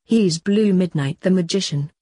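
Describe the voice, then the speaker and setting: Brisk male police magician, read by a woman; low and breathy. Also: dark tone, no echo, lightly acted. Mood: matter-of-fact.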